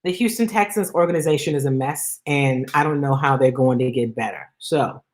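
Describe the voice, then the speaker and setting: A woman hosting a sports talk show, giving emphatic, exasperated commentary in a casual style, reading and answering listener comments. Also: fairly quick. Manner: emphatic, exasperated, animated pitch jumps.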